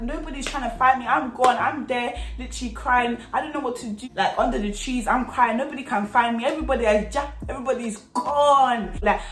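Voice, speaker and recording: A young woman tells her story in an animated, slangy rush, acting out each scene. Her voice sits a little high and bounces around an echoey room. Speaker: vlogger. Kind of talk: storytime vlog.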